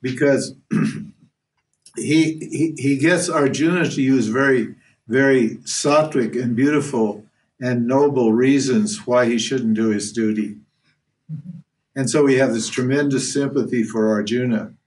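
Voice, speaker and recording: A man's voice: mid-range voice, a little slow, darkish tone, recorded from a distance. A man giving a spiritual lecture as a Vedanta teacher, blunt and earthy, firing rhetorical questions and restarting his sentences.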